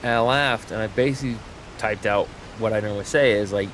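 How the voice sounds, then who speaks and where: Man, low voice, casual rambling, lots of "um" and "like", faint background hiss. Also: fast, fairly bright tone. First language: English. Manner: rambling, full of fillers and restarts. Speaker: streamer. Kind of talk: casual livestream chat while gaming.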